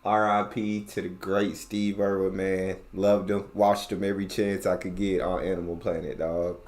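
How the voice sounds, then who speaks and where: A man's voice: deep voice, little pitch movement, moderate pace, darkish tone. An American man hosting a reaction video, casual and slangy with frequent exclamations. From United States. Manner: laid-back, slangy, exclamatory.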